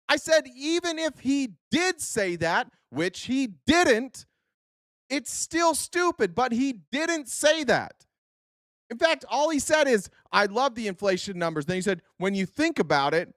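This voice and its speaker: A man streams live political commentary, venting at his chat in a heated, sarcastic tirade packed with swearing. His voice sits high for a man. The mic is close and dry, with no room sound at all. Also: a bit bright, no room sound.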